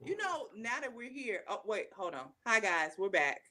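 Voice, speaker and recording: A woman co-hosts a relaxed music podcast. Her voice is bright and forward. She chats in an animated way and laughs easily. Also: mid-range voice, moderate pace. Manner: chatty, animated, laughs often. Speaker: podcast co-host. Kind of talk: casual chat.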